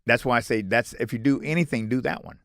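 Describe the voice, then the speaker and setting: A middle-aged man, a guest author, telling stories in an animated, emphatic way on a podcast. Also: mid-range voice, quick pace. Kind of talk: conversational podcast interview.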